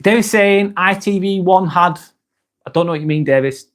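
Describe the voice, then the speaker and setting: A man's voice: sits high, normal speed, a bit bright. Chatty man reading live chat. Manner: reads viewer comments aloud, swears casually, chatty.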